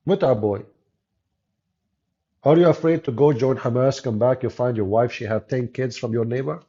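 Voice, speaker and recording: This channel host and debater, an Arab man whose first language is Arabic, speaks with an Arabic accent and delivers sarcastic, mocking commentary on a live stream. He talks at a normal pace in a dark, mid-range voice; the audio is dull and lo-fi.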